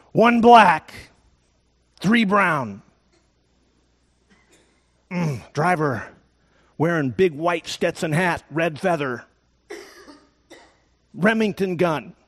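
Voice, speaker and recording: A man's voice: fairly high pitch, animated, extremely slow, pauses often, fairly bright tone, heavily acted. A man voicing a stoic tracker who speaks in short, clipped, grunting phrases. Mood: deadpan. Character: stoic male tracker, terse and deadpan.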